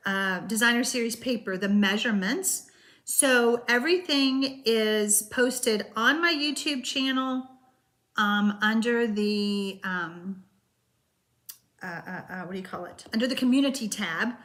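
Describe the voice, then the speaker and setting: A woman's voice: on the high side, sharp tone. A woman hosting a live-streamed card-making class, chatting loosely with viewers and answering their comments, with frequent hesitations.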